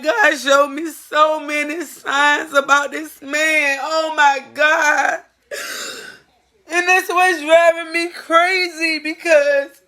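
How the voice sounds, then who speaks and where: A woman's voice: high voice, pushed and bright. A woman giving an emotional personal testimony as a mother, earnest and pleading, repeating phrases for emphasis.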